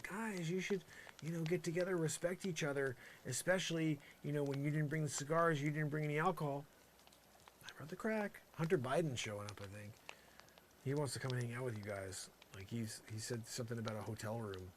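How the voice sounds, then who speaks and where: A man's voice: a little high, brisk, a little hiss or hum. A man doing an improvised comedy monologue in character, rambling and exasperated, full of "you know" asides.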